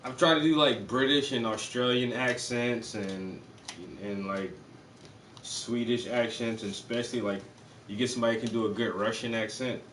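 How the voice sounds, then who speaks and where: A man's voice: medium pitch, steady tone, moderate pace, fairly bright tone. A man with a thick Southern US accent, joking crudely and playing up his country talk as a co-host. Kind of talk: joking banter. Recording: echoey far mic with faint noise.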